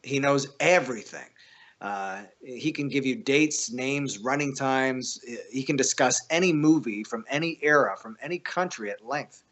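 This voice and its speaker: A man as a podcast guest, telling stories in a casual, animated way, swearing freely and often restarting his sentences. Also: mid-range voice, a little slow. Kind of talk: casual storytelling.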